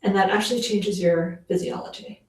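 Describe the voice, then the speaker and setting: A woman's voice: mid-range voice, steady tone, normal speed, darkish tone. Chatty woman speaking in a very echoey room. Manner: chatty, lots of fillers, acts out quoted lines. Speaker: parenting educator giving a workshop. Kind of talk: casual workshop talk to parents. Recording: very echoey room, mic far off.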